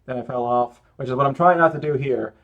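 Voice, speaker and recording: A man's voice: mid-range voice, fast, muffled recording. A male streamer talks loosely as he draws, narrating every step. He rambles and pokes fun at his own mistakes in an easy, conversational way. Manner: rambling, self-mocking running commentary. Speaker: streamer drawing live. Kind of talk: casual chat while drawing.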